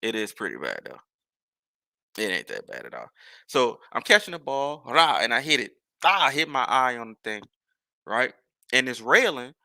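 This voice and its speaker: A man's voice: medium pitch, very animated, moderate pace, vocal fry, pushed and bright, no echo. A man, a podcast host telling a rambling, profane story in casual talk. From New Orleans.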